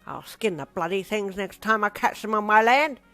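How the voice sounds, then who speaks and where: A woman's voice: mid-range voice, moderate pace, fairly bright tone, pitched above the performer's own voice, lightly acted. A woman doing a wobbly, warbling old grandpa. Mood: fuming. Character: cranky elderly grandfather, wobbly old man. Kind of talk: fan fiction audiobook reading.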